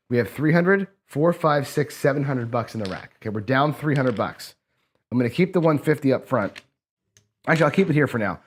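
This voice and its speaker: A man hosting a craps strategy session, talking viewers through each roll and payout in a casual, running commentary. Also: mid-range voice. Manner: talks to camera while rolling dice, counting payouts aloud; excitable bursts when a roll goes his way. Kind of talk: casual play-along commentary.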